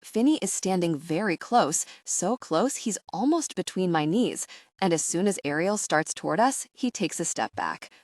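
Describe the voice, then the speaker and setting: Soft-spoken woman narrating an audiobook. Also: lowish voice, big pitch swings, normal speed, no echo, clean studio sound. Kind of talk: first-person audiobook narration.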